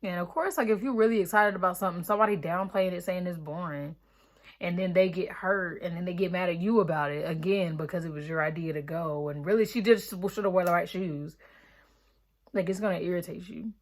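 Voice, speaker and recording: A young woman with a somewhat low-pitched voice talks through a book's plot in a loose, chatty vlog recap. She is blunt and animated and swears freely as she reacts. Her delivery stays informal throughout. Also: fairly quick. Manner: chatty, profane, animated retelling. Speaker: book reaction vlogger. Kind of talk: casual book recap.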